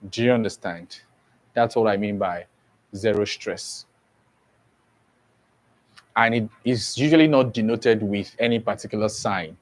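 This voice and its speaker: A man teaching an English exam-prep lesson, repeating each point and often asking if students understand. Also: on the low side. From Nigeria. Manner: slow, repetitive, checks understanding often.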